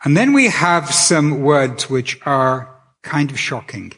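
A man's voice: medium pitch, big pitch swings, slow, fairly bright tone, husky. A man preaching a sermon in a conversational way, often restarting his sentences. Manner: conversational, with many restarts and fillers.

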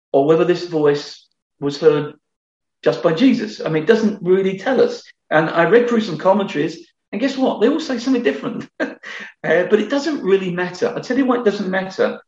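A man's voice: a little high, a little mellow. A middle-aged man preaching a sermon in an earnest, conversational way, often restarting his phrases. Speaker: pastor. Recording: echoey hall, slightly dull sound.

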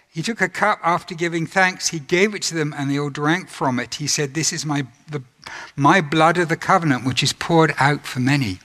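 A man delivering a sermon in a slightly higher-pitched voice. His manner is earnest and reflective as he reads scripture aloud and stops to dwell on the words. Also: pushed and bright. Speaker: preacher.

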